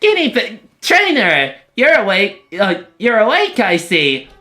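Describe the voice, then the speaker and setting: Streamer doing an excitable female scientist horse girl; rapid lecturing, soft music bed. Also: mid-range voice, voice pushed up, exaggerated voice. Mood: gleeful. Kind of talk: game story read-along.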